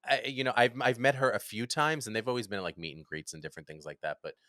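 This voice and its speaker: A man in casual podcast chat, an animated storyteller who acts out what others said, recorded close in a studio. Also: medium pitch, fast talker, dry recording.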